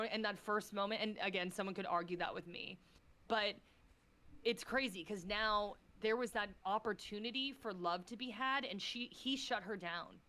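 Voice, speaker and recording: A woman's voice: medium pitch, fairly bright tone. Gushing, foul-mouthed woman guest. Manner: effusive, swears freely, fillers of "like"; emotional, gushing. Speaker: podcast guest. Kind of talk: impassioned casual chat.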